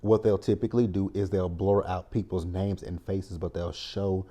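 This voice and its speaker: A man giving a casual, blunt reality TV recap, swearing freely and ranting with energy. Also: lowish voice. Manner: blunt, profane, animated rants. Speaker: TV recap vlogger.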